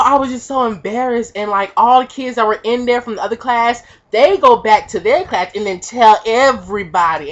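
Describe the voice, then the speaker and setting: A young woman vlogger telling a comic personal story, animated and profane, acting out the voices of the people in it. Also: medium pitch. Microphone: webcam. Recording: dull lo-fi webcam audio.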